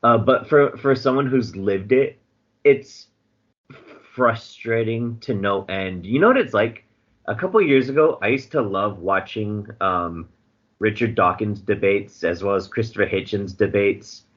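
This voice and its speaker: A man's voice: on the low side, measured pace. A man as a podcast guest in casual chat, blunt and sardonic, swearing freely. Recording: dull lo-fi podcast audio.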